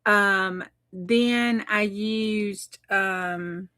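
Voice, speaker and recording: A woman's voice: mid-range voice, steady tone, drawn-out words, bright, forceful tone, slight background noise. A middle-aged woman hosting a craft livestream, chatting casually with her viewers and laughing often. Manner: chatty, laughs often, talks back to chat.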